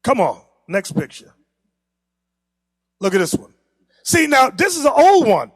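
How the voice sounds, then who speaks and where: A man teaching a class from pictures, animated and teasing, who laughs often and talks straight to the room. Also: very high-pitched, a little slow, husky, no echo, studio quality. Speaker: class instructor. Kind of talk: lively classroom lecture with pictures.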